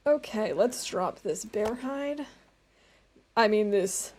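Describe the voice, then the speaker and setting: A woman's voice: medium pitch, sing-song, slow, long pauses, darkish tone, slightly rough. A young woman streaming a survival game from home, chatting casually with viewers and laughing often. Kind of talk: casual gameplay commentary.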